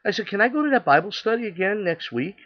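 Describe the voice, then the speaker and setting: A man's voice: high-pitched, big pitch swings, quick pace, highs cut off. An older man casually telling his personal faith testimony, chatty and acting out the dialogue with many restarts. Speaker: storyteller sharing his testimony.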